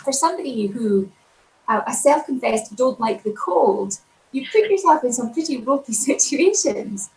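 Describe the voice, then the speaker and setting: A woman's voice: a little high, expressive, moderate pace, darkish tone, low-quality recording. Woman host prompting her guest. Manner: encouraging, prompting questions. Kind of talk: broadcast interview.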